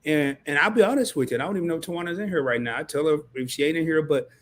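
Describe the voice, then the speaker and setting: A man hosting a casual livestream talk, animated and preachy, with frequent stumbling restarts. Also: on the high side, very fast. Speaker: livestream host.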